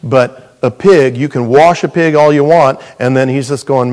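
A middle-aged man preaching a sermon as pastor, animated and jokey, with sudden loud high bursts. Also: normal speed, hardly any pauses.

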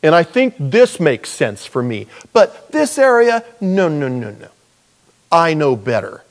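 A man's voice: on the high side, sing-song, a little slow. A man preaching a sermon in a conversational, rambling way, full of restarts and asides. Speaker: pastor.

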